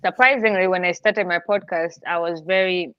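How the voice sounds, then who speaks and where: A woman's voice: on the low side, fairly even intonation, moderate pace, smooth, no room sound, lo-fi sound. A woman with a mixed accent talks bluntly on a podcast panel and swears freely. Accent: mixed international accent. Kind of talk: casual panel chat.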